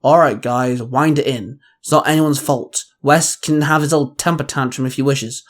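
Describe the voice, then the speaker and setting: A man voicing a sharp-tongued young woman team leader in a fan fiction reading. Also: medium pitch, steady tone, normal speed, lightly acted. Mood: stern. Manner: sharp, snapping. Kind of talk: fan fiction read aloud.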